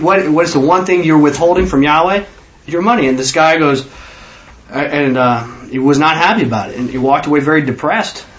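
A man preaching in a loose, conversational way, his voice sitting a bit high. He gets animated and slips into the disciples' voices to act out their questions. The recording sounds slightly dull. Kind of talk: conversational sermon.

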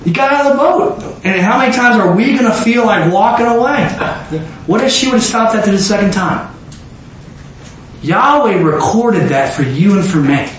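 A man preaching a sermon as pastor, talking with the congregation and acting out scenes with sudden shouts. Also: high voice, moderate pace. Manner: animated, acts out biblical scenes with shouts. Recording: echoey room with faint noise.

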